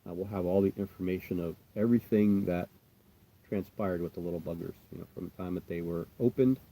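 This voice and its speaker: An American man chatting casually on a livestream as a tarantula keeper, rambling and reassuring, often trailing off quietly. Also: low voice, a little fast. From United States. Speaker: tarantula keeper answering live chat.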